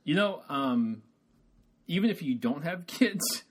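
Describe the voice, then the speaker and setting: A man's voice: on the high side, expressive, takes it slowly, breathy edge. A middle-aged man from the American South co-hosting a podcast, rambling and hedging in casual chat, laughing easily. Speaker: podcast co-host.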